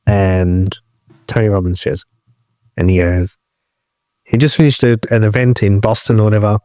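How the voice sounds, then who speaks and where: Chill aussie cohost, low mellow voice, joking around, dry mic. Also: male voice, fairly even intonation, normal speed, dry recording. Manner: playful, laid-back banter. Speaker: podcast co-host. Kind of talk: casual podcast chat.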